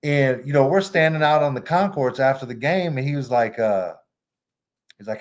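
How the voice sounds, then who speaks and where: A man casually telling a long, rambling sports-fan story on a podcast in a relaxed, easygoing way. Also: mid-range voice, moderate pace, muffled recording. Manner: laid-back, rambling, lots of "you know what I mean". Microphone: remote call mic.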